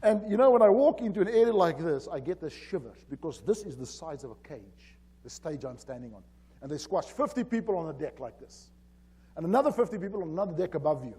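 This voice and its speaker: Lively male keynote speaker, higher voice, husky, acts out each character. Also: quick pace. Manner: animated, acts out dialogue. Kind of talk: storytelling presentation. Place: conference hall.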